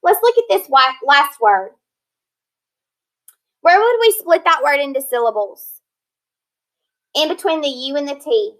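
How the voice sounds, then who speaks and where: A woman teacher leading a phonics lesson, sounding out words slowly and clearly, patient and encouraging. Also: high voice, sing-song, a bit bright, rough recording. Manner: slow, clear modeling of words.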